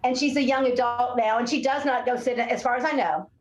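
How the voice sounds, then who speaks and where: A woman with a fairly high voice tells stories in a relaxed interview, slipping into the voices of children and parents she quotes. The room around her is echoey. She talks as a speech-language pathologist explaining things to a host. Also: fairly quick. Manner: animated storyteller, acts out quotes of kids and parents. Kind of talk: casual interview conversation.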